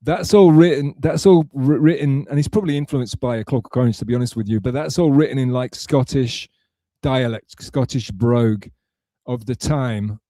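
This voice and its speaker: A man's voice: mid-range voice, moderate pace, mellow, no room sound. A man hosting a live stream, chatting casually and rambling as he answers messages from his chat aloud. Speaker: livestream host reading chat.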